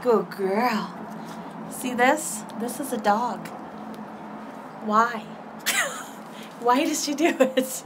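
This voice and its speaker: A woman's voice: on the high side, a little hiss or hum. A woman chatting casually on a live stream from her phone at home, giggling often. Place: home apartment. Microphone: phone held up.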